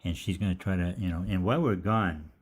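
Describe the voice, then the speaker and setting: An older man with a deep, low-pitched voice hosts a live question-and-answer session. He drifts from one anecdote to the next, joking and swearing casually as he goes. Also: brisk, breathy edge. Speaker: host of a live health Q&A.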